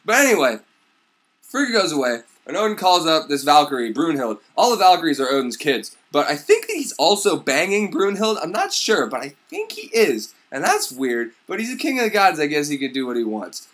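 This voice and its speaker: A man's voice: fairly high pitch, brisk. Young guy ranting a myth retelling, sweary, voice jumping all over. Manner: excitable, crude, rambling, shouty bursts. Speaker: comedic storyteller. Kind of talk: profane comedic myth retelling.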